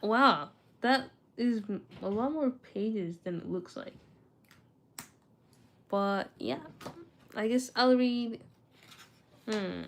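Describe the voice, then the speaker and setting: A young woman who runs a study vlog talks casually to her viewers in a mid-range voice, with slight background noise. She has retainers in, which thicken her speech a little, and she reads a book aloud, stumbling and restarting while chatting and talking to herself.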